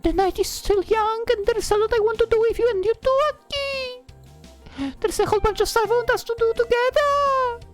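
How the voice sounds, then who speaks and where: A woman voicing a bubbly, pushy young heroine in a high, sing-song way, reading a visual novel. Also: normal speed, soft background music. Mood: teasing.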